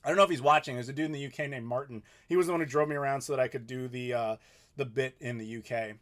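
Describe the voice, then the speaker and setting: A man's voice: medium pitch, racing, a bit bright. A man in his thirties hosting a casual live question-and-answer stream from home. He talks in an easygoing, chatty way and laughs often. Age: 30s. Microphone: desk mic in front of him.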